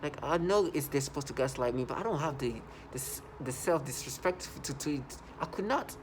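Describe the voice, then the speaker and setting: A man with a fairly high, expressive voice talks briskly through a rambling personal vlog, slight noise in the background. He comes across as agitated, constantly restarting and correcting himself.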